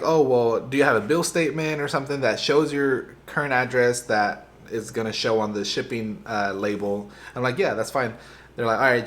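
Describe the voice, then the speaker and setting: A young man vlogging, retelling a frustrating errand in a rambling, animated way with lots of fillers and restarts. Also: mid-range voice. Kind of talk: casual storytelling to camera.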